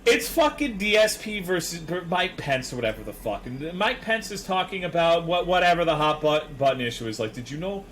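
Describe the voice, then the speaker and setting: A man's voice: on the high side, big pitch swings, brisk, few pauses, fairly bright tone, slight background noise. A man streaming a video game, chatting casually with his viewers in profane, joking banter. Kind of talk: casual chat with viewers while gaming.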